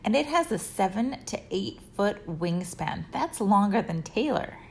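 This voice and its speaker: A woman educator narrating a lesson, calmly putting questions to children. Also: medium pitch, a little slow, gravelly. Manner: calm, asks children questions.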